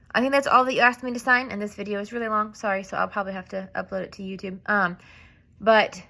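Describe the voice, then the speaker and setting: Bright, gravelly woman explaining signs. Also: mid-range voice, fairly even intonation. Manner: informal, halting, lots of fillers and restarts. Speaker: sign language teacher.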